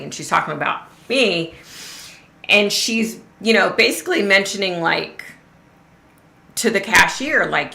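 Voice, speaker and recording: A woman's voice: medium pitch, animated, a little slow, creaky, long pauses, pushed and bright. A middle-aged woman hosting a live stream, telling a story in a casual, chatty way, swearing freely and laughing often. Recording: roomy echo.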